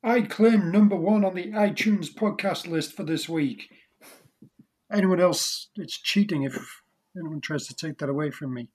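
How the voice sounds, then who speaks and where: Deadpan podcast co-host. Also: medium pitch, a little slow, breathy edge. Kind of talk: casual chat.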